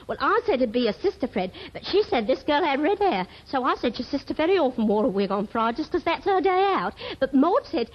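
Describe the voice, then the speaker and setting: An actress playing a young woman on the telephone to her sailor sweetheart, clingy and jealous, chattering breathlessly in a 1930s radio comedy. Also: high-pitched. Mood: fond. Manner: breathless one-sided phone chatter, fretful and pleading. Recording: dull old radio archive recording.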